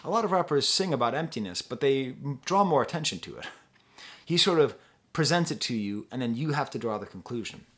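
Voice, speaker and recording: A man's voice: medium pitch, expressive, a little fast, a bit bright. A man reviewing an album in a casual vlog, conversational and digressive, chuckling now and then. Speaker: music reviewer.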